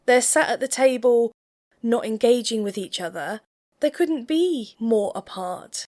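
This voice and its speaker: A woman co-hosting a casual reality TV reaction chat, recapping scenes in a measured, observant way. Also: on the high side, a little mellow.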